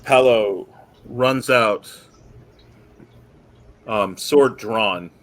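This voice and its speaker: A man's voice: on the low side, very slow. Man narrating as game master. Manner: relaxed, rule-explaining narration with fillers.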